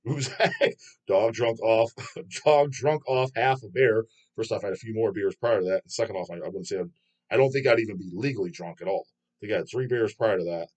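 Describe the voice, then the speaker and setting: Hosting his own channel, a man reads viewer comments aloud and answers them in a rambling, profane manner, laughing frequently. His voice is lowish and brisk, and the recording sounds muffled.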